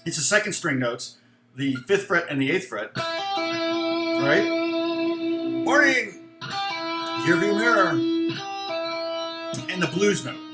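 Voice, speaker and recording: A man's voice: sits high, huge pitch swings, a little slow, pauses often, roomy sound. A man teaching guitar in a casual lesson, telling stories and rambling with lots of fillers and asides.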